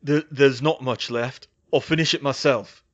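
Weak young man in pain in an audiobook, halting and stammering, read by the narrator. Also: medium pitch, steady tone, lo-fi sound, close to an everyday voice. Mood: strained.

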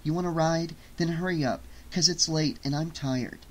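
A man's voice: fairly high pitch, close to an everyday voice. A man voicing a defiant, impatient young woman in an audiobook, arguing and pleading in turn. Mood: sharp. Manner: pleading then snapping, quick to argue. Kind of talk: audiobook character voice.

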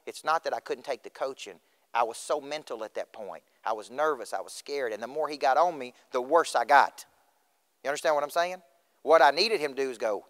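Animated man speaking in a hall. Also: medium pitch, fairly quick. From Tennessee. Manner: animated, questions the audience directly. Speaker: motivational speaker. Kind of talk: motivational speech. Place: school auditorium. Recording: reverberant auditorium.

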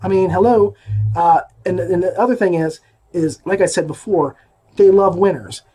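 A man with a notably high-pitched voice talks through an audiobook review in a loose, conversational way. He is opinionated and throws in emphatic asides as he goes. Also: moderate pace, mellow, slightly rough. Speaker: podcast host reviewing audiobooks. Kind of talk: casual spoken review.

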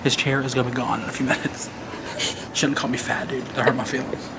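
A young man quietly talking to the camera about his mischief plans, a little off-mic. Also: medium pitch, level tone, a little fast. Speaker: son in family vlog. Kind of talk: casual talk to camera. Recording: echoey room, distant mic, background noise.

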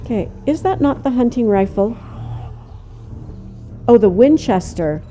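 An older woman giving let's play commentary, jumpy, cursing and talking to the game out loud. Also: a little high, animated, measured pace, soft background music. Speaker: gamer.

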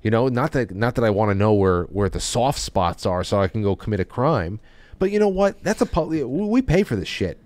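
A man's voice: on the low side, lively intonation, fairly quick, darkish tone, no room sound. A man hosting a podcast, talking in a loose, rambling way with many restarts. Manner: rambling, with frequent restarts and trailing off. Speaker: podcast host. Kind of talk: casual chat.

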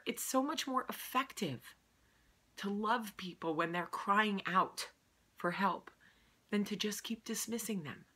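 A woman speaks in a casual, heartfelt monologue to her viewers. Her voice is bright and pointed, and she sounds earnest and openly emotional as she presses her points home. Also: medium pitch. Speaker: vlog host.

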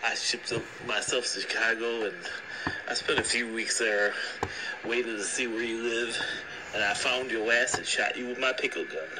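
A man voicing a cocky male gangster in a prank phone message, taunting in a high, strained voice. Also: moderate pace, background noise, natural voice. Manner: high strained taunting, calls everyone boy. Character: cocky male gangster, pickle-gun braggart.

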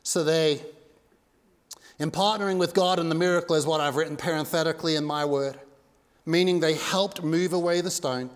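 A male pastor preaching an impassioned sermon, swinging between loud and hushed. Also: fairly high pitch, steady tone, normal speed. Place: church sanctuary. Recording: long reverb of a church hall.

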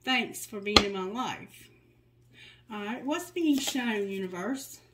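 A woman's voice: mid-range voice, expressive, slow, heavy background noise. A woman giving a tarot reading, reading card messages aloud in a soothing, guiding way, with candid, joking asides. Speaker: tarot reader.

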